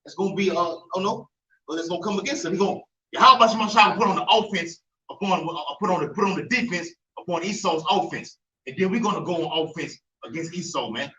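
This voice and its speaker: A man's voice: high-pitched, fast, sharp tone, a little hiss or hum. A man in a casual scripture discussion, speaking in slangy, easygoing talk and calling others "man". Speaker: member of a religious group discussion. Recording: far, echoey, dull-sounding room mic.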